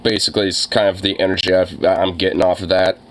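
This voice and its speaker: A man's voice: low-pitched, little pitch movement, quick pace, a little hiss or hum. A young man ranting casually, with lots of fillers and swearing, sounding exasperated. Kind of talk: casual profane rant.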